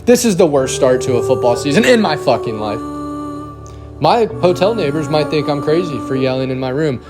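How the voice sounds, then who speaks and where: A man's voice: mid-range voice, animated, normal speed, over music. A man hosting a podcast, ranting with anger and swearing about his football team, recorded in a dim hotel room. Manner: angry, shouting, profane rant. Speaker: podcast host. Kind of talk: ranting sports podcast monologue.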